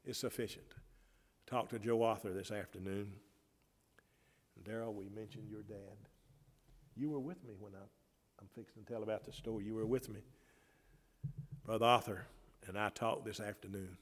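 Impassioned pastor, big church reverb. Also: male voice, fairly low pitch, steady tone, normal speed, pauses often. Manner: impassioned preaching, swinging between loud calls and quiet storytelling. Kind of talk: Baptist sermon. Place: church sanctuary. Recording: long reverb in a church hall.

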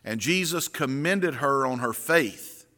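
A middle-aged man, a pastor telling a story and then reading scripture in a sermon, folksy and deliberate. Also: mid-range voice, animated, sharp tone. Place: church sanctuary. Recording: reverberant sanctuary.

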